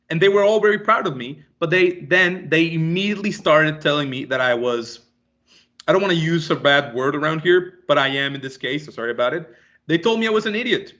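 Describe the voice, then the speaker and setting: A young man giving a storytelling talk to an audience, animated and acting out the dialogue he quotes. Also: fairly high pitch. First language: Spanish. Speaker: speaker.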